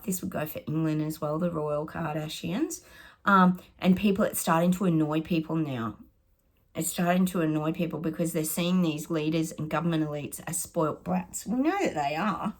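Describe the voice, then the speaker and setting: A middle-aged Australian psychic makes casual predictions, chatty and sarcastic and frequently laughing. Her voice sits low, with a steady tone and normal speed.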